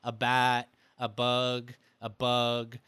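A man's voice: mid-range voice, completely flat delivery, drawn-out words, sharp tone, smooth. A man co-hosting a podcast, asking curious, joking questions in a casual chat. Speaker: podcast co-host.

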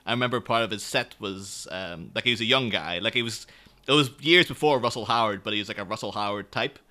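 A man's voice: on the low side, fast talker, pushed and bright. A man co-hosting a casual podcast chat, rambling informally with lots of fillers. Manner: rambling, informal, laughs easily. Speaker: podcast co-host.

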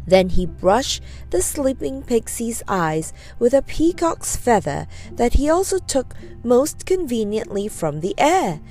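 A woman reading a children's storybook aloud, gentle and expressive. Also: on the high side, unhurried, hardly any pauses, faint music behind.

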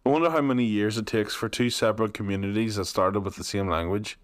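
A man's voice: lowish voice, dry recording, studio quality. A young man with a Liverpool accent, co-hosting a podcast and bantering casually with his co-host. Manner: joking, quick, banter-heavy. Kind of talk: casual chat.

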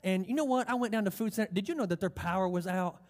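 A man's voice: high voice, fast talker, darkish tone, lightly acted. A man playing a chattering wife who rambles through a long story about her day. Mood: rambling. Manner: rambling, breathless, run-on storytelling.

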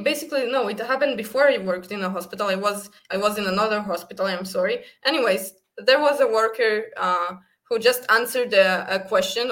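A woman's voice: mid-range voice, a bit bright. A woman chatting casually, hesitant and full of fillers. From Russia. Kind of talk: casual chat.

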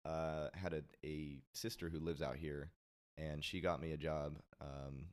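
A man with a low, deep voice, chatting as a guest on a talk show. He rambles through his story with plenty of fillers and the odd swear word. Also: level tone, unhurried. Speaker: podcast guest. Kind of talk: casual chat.

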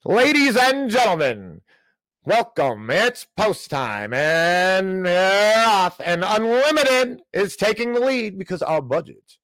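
A man doing a booming horse-race announcer. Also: very animated, a bit bright, no room sound, exaggerated voice, poor audio. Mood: showy. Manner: drawn-out, showy announcing.

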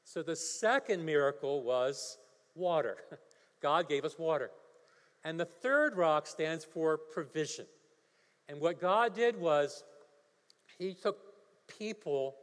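A male pastor preaching a sermon, telling a story and building to emphatic preaching. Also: a little high. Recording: long hall reverb.

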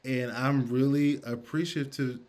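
A man's voice: medium pitch, fairly even intonation, moderate pace, a little mellow. A man hosting a podcast, speaking in a candid, affirming, chatty way during a casual interview conversation. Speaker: podcast host.

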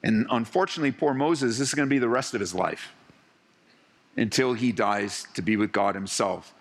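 A man preaching a sermon to his congregation, talking conversationally and swinging between lively and hushed delivery. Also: mid-range voice, moderate pace. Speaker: pastor. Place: church hall. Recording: long hall reverb.

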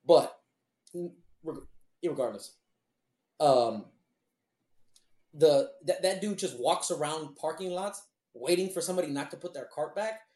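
A man's voice: on the high side, a little slow, pauses often. A man in casual, crude podcast chat, telling stories with lots of swearing, laughter and acted-out voices. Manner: profane, animated storytelling with laughs and impressions. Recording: roomy echo.

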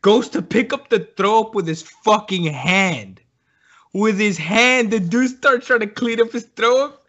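With a high voice and a slightly slow pace, a young man laughs his way through a profane, animated story, acting out what people said. The recording is muffled.

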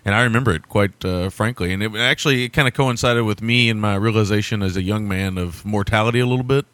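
Casting: man, lowish voice, loose profane movie-podcast host, dry close sound. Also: quick pace, fairly bright tone, no room sound. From America. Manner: rambling, profane, laughs often. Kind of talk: casual movie chat.

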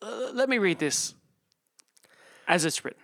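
A man's voice: sits high, very animated, a little slow, creaky, a bit bright, dry recording, studio quality. A man co-hosting a podcast in casual chat, rambling with stammering restarts and laughing easily. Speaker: podcast co-host.

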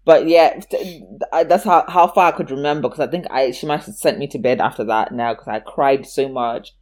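Woman, casual storytelling, animated, acts out voices, laughs a lot. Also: extremely low pitch, a little fast.

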